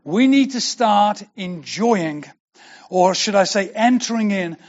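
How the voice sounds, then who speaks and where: A man's voice: high-pitched, lively intonation, slow, dull audio. An older man preaching a sermon as pastor, earnest and building to emphatic declarations.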